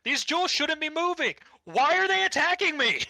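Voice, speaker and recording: A man's voice: extremely high pitch, expressive, normal speed, vocal fry, sharp tone, no echo, pitched above the performer's own voice, heavily acted. A man voicing a boastful villainous male demon king while recapping an anime, with sneering, incredulous taunts. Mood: mocking, baffled.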